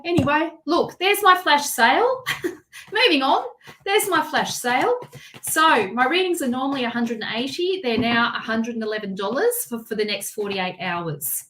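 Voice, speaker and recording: A woman's voice: high-pitched, very animated, normal speed, a bit bright, slight background noise. Woman, repetitive tarot live-streamer. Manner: repeats phrases, reads viewer comments aloud. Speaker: tarot reader. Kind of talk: live-stream card reading.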